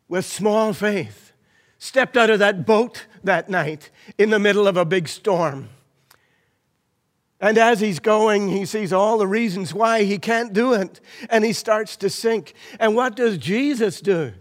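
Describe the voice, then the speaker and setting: Impassioned preacher with a high voice. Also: male voice. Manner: impassioned, swings from loud to hushed. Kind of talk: sermon. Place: church.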